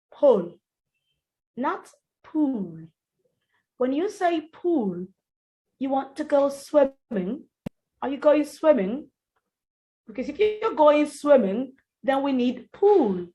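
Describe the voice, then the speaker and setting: Woman diction teacher, fairly high voice, slow and deliberate drilling of words. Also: sing-song, warm tone, highs cut off. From Nigeria. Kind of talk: online pronunciation class.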